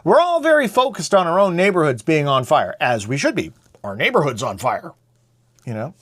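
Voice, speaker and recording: Animated man, lively pitch. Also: moderate pace, husky. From Canada. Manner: animated, blunt, rambling. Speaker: show host. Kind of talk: casual opinionated monologue.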